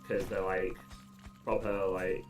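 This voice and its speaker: A man serving as community ambassador on a casual gaming livestream, talking in halting bursts with many fillers. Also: sits low, little pitch movement, soft background music. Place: gaming livestream with game music behind.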